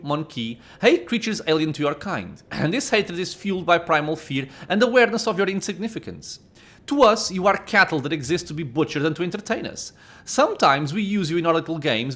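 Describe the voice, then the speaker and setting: A man voicing a cruel, sneering male dark elf captor with contemptuous menace. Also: fairly high pitch, voice pushed up.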